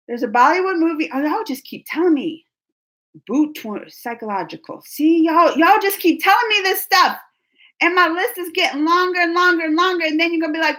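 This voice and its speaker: A woman in her forties hosting a casual livestream, chatting with viewers in a rambling, animated way and laughing often. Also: high-pitched, moderate pace. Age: 40s. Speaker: livestream host reading chat. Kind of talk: casual live chat.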